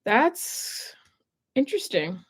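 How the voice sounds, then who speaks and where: A woman's voice: a little high, big pitch swings, slow pace, breathy edge. A woman co-hosting a live stream, chatting casually with playful, giggly reactions. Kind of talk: casual chat.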